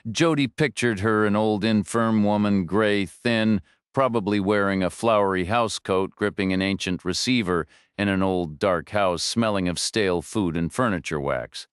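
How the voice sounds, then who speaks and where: A man narrating a thriller audiobook in a steady, measured way, close to the mic. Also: lowish voice, clear, resonant tone, no echo.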